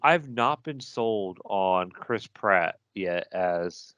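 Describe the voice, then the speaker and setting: Very slow and low-pitched, this man's voice still has lively intonation and a fairly bright tone, recorded without echo. As a podcast co-host, he's a movie fan arguing with enthusiasm in casual chat.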